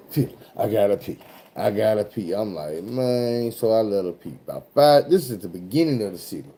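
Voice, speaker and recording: A man from Arkansas, a truck driver telling a road story in a loose, animated, heavily profane way. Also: fairly low pitch. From Arkansas, USA. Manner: animated, profane, swears often.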